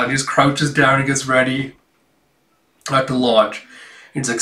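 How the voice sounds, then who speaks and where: A man's voice: mid-range voice, little pitch movement, normal speed, long pauses, pushed and bright. A man casually reading through a manga chapter and commenting, chuckling often and leaning on fillers as he quotes the dialogue. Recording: roomy, a bit distant from mic.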